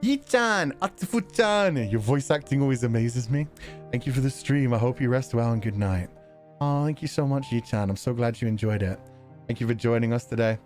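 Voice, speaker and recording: A man streaming live, reading out viewer donations and chatting in an animated, rambling way, often breaking into laughter. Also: mid-range voice, brisk, faint music behind.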